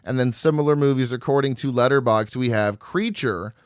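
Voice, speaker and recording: A man co-hosting a horror film podcast in casual chat, animated and quick to laugh as he reads out reviews. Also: mid-range voice, clean tone, dry recording, clean studio sound. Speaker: podcast co-host.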